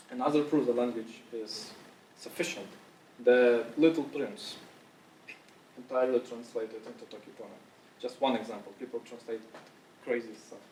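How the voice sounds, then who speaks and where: A male conference speaker, mid-range and fairly even in intonation, talks unhurriedly with long pauses and a bright, forceful tone. His casual delivery is loose, with many fillers, restarts and a cough now and then. He's recorded from far off in an echoey room with a slight hiss or hum.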